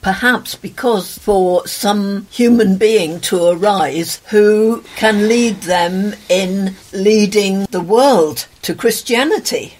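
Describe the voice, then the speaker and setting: A woman's voice: mid-range voice, takes it slowly, hardly any pauses, a little mellow, slightly rough. A woman taking part in an audio discussion, giving brief, thoughtful replies. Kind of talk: conversational discussion.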